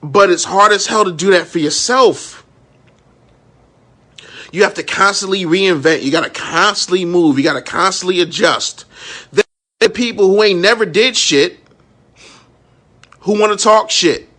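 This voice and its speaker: With a high, pushed, bright voice, a minister and entrepreneur in his thirties talks at a measured pace with long pauses. In a candid, emotional live-stream monologue he swears freely and keeps checking in with listeners, saying "you know what I'm saying" again and again.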